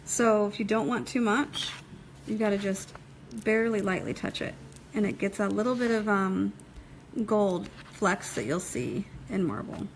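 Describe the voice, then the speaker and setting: A woman's voice: medium pitch, moderate pace, rough recording. A chatty woman talks through a live nail-art demonstration in a casual, folksy way. She laughs easily and keeps checking in with her viewers. A faint hiss sits under her voice. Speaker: nail technician teaching a live demo.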